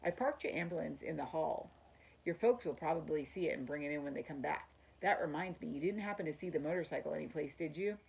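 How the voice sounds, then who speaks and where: Storybook boy mouse, eager and a bit boastful, read by a woman with a low, gravelly voice. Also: quick pace, darkish tone, full character voice, rough recording. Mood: proud. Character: young boastful male mouse.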